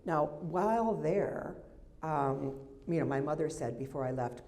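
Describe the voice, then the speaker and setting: With a deep, warm voice and lively intonation, the older American author reads her memoir a little slowly at a live library event. She speaks into a handheld or stand mic and sprinkles in chatty, wry commentary.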